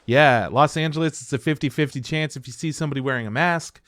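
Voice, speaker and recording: A man's voice: a little high, fast talker, fairly bright tone, no echo. A man co-hosting a podcast, throwing in dry jokey asides and the odd swear in casual chat. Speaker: podcast co-host.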